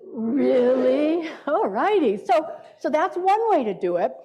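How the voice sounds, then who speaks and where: A woman's voice: sits high, sing-song, normal speed, dull audio, a crowd in the background. A woman minister giving a playful sermon in a church, inviting the congregation to repeat words with her. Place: church sanctuary.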